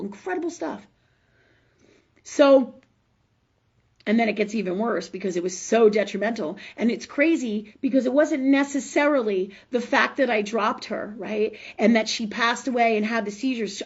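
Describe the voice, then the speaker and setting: A woman's voice: fairly high pitch, normal speed, breathy edge, lo-fi sound. A middle-aged woman hosting a live spiritual health show, telling a story emotionally and emphatically, swearing freely and often asking "right?".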